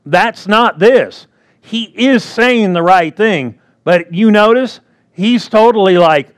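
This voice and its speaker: A man's voice: high voice, expressive, takes it slowly. A man preaching a sermon in a conversational way, often checking in with the congregation. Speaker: pastor.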